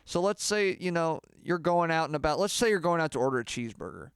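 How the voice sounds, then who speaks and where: Rambling deadpan man, smooth voice. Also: fairly high pitch, dry recording, clean studio sound. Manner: rambling, halting, full of fillers. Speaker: comedy mock singing teacher. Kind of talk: deadpan mock lesson.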